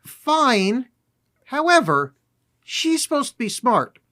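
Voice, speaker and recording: A man with a notably high voice co-hosting a casual podcast, walking through a movie plot in a hesitant, rambling way. He stops to correct himself and to argue small points. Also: sing-song, slow, bright, forceful tone. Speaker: podcast co-host. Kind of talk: casual movie-recap chat.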